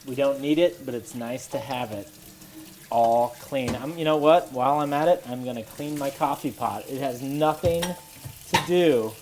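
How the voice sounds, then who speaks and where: A woman with a very deep voice rambles through her kitchen chores with wry, deadpan asides. Her talk is halting and a bit nervous, full of restarts. Faint sizzling and running water sit under her voice. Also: slight background noise. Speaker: cooking show host. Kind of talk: rambling casual monologue while cooking. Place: home kitchen. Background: running water and sizzling pan.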